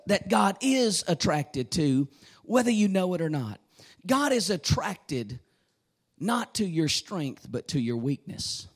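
High-pitched guy preaching, fervent, shouts out lines and repeats himself. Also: breathy edge. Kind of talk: sermon.

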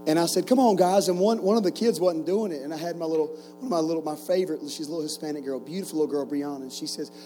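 A man's voice: a little high, rapid-fire, few pauses, dark tone, soft background music, rough recording. A man in his forties preaching to a camp group, telling stories with jokes and rhetorical questions. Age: 40s. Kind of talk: sermon with stories.

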